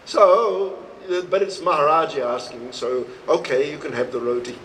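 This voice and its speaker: A man, a swami, giving a devotional talk to a live audience, telling stories slowly and acting out the dialogue. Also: slight background noise, low-quality recording. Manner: slow, storytelling, acts out dialogue with expressive rises in pitch. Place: retreat hall, recorded live.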